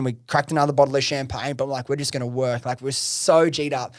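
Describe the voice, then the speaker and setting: A man hosting a podcast, telling his startup story in casual chat, excitable, swearing freely and saying "like" a lot. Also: mid-range voice, fast, hardly any pauses, no room sound, studio quality. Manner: excitable, swears freely, heavy use of "like" and "bro".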